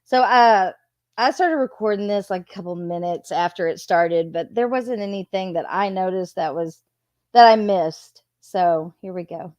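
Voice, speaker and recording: A woman's voice: medium pitch, moderate pace, a little mellow, no echo, muffled recording. A woman chatting casually as a streamer, laughing often and swearing freely. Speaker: streamer reviewing a video. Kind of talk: casual commentary.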